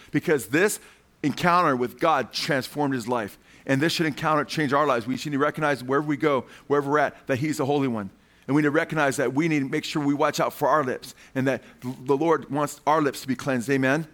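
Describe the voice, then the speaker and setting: A man's voice: mid-range voice, fairly bright tone. Fervent preacher man calling out "man". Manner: fervent, keeps calling listeners "man", asks the crowd questions. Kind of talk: sermon.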